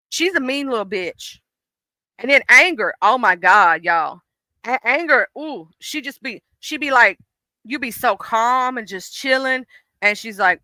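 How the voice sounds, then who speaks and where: Blunt, profane woman with a bright voice. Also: on the high side, moderate pace, no echo. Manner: blunt, profane, animated storytelling. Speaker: live stream host. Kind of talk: comedic casual monologue.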